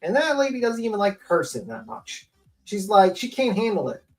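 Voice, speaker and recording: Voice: medium pitch, very animated, normal speed, a little mellow, rough recording. A panelist on a livestream giving casual, rambling commentary full of swearing and filler words. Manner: profane, rambling, lots of fillers. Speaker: panel guest.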